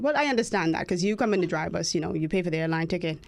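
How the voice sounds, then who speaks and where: Lively Bahamian woman co-hosting radio. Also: lowish voice, rapid-fire, gravelly. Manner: lively storytelling, animated and laughing. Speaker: radio show co-host. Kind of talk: casual chat.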